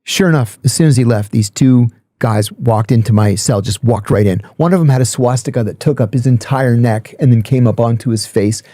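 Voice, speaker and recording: Middle-aged guy spinning stories on a podcast, mellow dark voice, dry close sound. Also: medium pitch, fairly quick, few pauses, no room sound. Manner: animated storyteller, acts out quoted voices. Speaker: podcast host telling prison stories. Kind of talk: casual storytelling chat.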